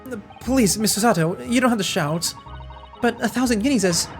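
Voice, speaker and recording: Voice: mid-range voice, a little fast, faint music behind, voice pushed up, natural voice. Streamer voicing a courteous young woman assistant, earnest.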